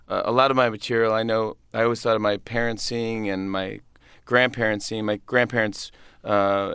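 A man's voice: lowish voice, fairly bright tone, clear, resonant tone, dry recording, clean studio sound. A comedian in his thirties chatting in an interview, upbeat and rambling with many restarts and laughs. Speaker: comedian guest. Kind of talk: casual interview chat.

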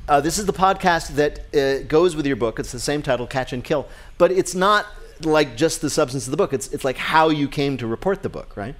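A man's voice: fairly high pitch, lively intonation, fairly quick. A man hosting a public radio comedy quiz show, interviewing a guest in a joking way and laughing often.

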